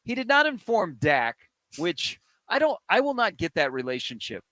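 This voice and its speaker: A man's voice: sits high, very animated, moderate pace, bright, forceful tone, no echo. A man with a Midwestern accent hosting a sports radio show, chatting casually and playfully telling stories. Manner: chatty, jokey, playful storyteller.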